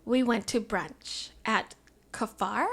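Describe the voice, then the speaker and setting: A bubbly woman co-hosting a podcast, chatting through a travel recap. Her voice sits a little high. She is playful and keeps trading lines with her partner. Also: moderate pace. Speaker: podcast co-host. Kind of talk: casual travel recap chat.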